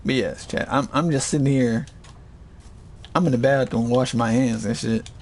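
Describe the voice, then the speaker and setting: At a moderate pace, this man spins a casual story for his chat, swearing and staying animated throughout. When he voices other people, he does it with high yells.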